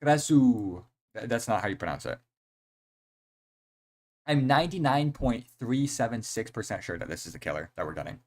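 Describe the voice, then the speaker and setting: A young man streaming a horror game, chatting casually in an excitable, rambling way full of slang and fillers. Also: mid-range voice, fairly quick, long pauses. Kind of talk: casual live-stream chat.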